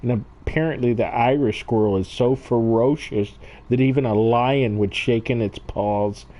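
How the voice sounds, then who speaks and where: A man's voice: mid-range voice, moderate pace, warm tone, rough recording. A man hosting a casual gaming livestream, laughing often and reading chat aloud. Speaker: livestream host.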